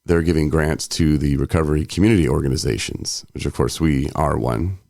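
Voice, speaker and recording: A man's voice: a bass voice, brisk, vocal fry, a little mellow, no room sound, clean studio sound. A man co-hosting a recovery podcast, talking in a rambling way, laughing often and acting out quotes. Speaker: podcast co-host. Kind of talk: casual chat.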